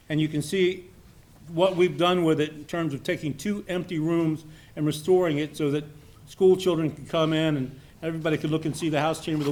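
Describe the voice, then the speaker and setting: A man's voice: a little high, darkish tone. Older man giving a folksy speech. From Maryland. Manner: rambling, folksy, with many fillers and restarts. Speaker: speaker at a society meeting. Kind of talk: informal after-dinner speech.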